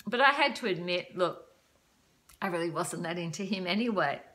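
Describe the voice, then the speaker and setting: A woman's voice: lowish voice, lively intonation, normal speed, sharp tone. An older woman in casual chat to camera, giving dating advice, chatty and self-deprecating, laughing often.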